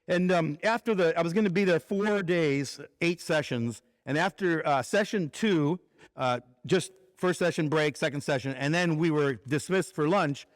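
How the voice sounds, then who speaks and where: A man preaching at a conference, his voice on the higher side, telling a story with lively swings between light asides and low, earnest points. The sound is dry and close, with no room echo. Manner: animated storyteller, voice drops low for serious points. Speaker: conference speaker. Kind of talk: conversational sermon with storytelling.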